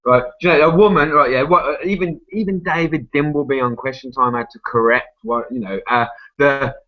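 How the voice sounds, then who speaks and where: A man's voice: mid-range voice, brisk, highs cut off. Rambling Englishman with "right, yeah?" tags. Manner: rambling, tag questions, frequent swearing. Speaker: group discussion speaker. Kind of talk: rambling casual argument.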